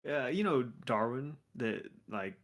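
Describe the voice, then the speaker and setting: A man's voice: mid-range voice, lively intonation, unhurried. Laid-back man with dry quips. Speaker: podcast co-host. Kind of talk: casual chat.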